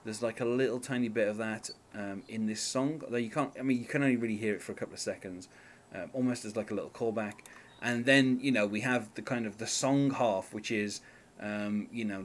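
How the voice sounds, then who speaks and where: A man's voice: lowish voice, a little fast, slight background noise. Guy hosting a music podcast, chatty and rambling, lots of ums. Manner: rambling, hesitant, many fillers and laughs. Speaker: podcast host. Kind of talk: casual music discussion.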